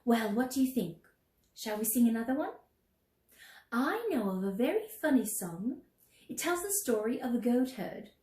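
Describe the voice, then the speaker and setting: A woman leading a children's sing-along, gently encouraging, singing show tunes and teaching yodels. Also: high-pitched, echoey room.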